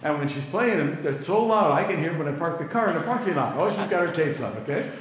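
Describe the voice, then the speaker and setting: A man's voice: a little high, animated, fast. A middle-aged male pastor teaching a Bible class in a conversational way, stopping to ask the class for reactions. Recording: echoey hall with long reverb.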